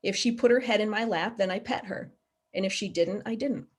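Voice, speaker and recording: A woman guest on a video call, explaining animal behaviour in an earnest, practical way. She talks plainly and illustrates her points with everyday examples, in a voice of middle pitch. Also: fairly quick, slightly rough. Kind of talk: casual video call interview.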